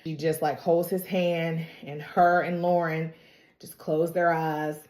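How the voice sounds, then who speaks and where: A woman with a lowish voice tells a TV story in a casual, emotional vlog style, with dramatic asides. She sounds a bit stuffy from crying. The room gives her voice a clear echo. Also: level tone, takes it slowly, darkish tone. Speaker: TV recap reviewer.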